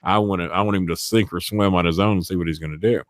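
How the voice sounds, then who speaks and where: A man's voice: deep voice, fairly even intonation, fast, dry recording, studio quality. A man telling a profane backstage story in casual chat, acting out the people he quotes in shifting voices. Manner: acts out quotes in shifting voices, swears often. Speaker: storyteller guest.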